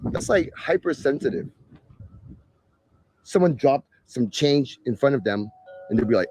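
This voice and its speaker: A man's voice: mid-range voice, expressive, normal speed, pauses often, a little mellow, breathy edge. A man hosting a live stream, talking casually to viewers in a sarcastic, exasperated rant. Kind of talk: ranting casual talk to viewers.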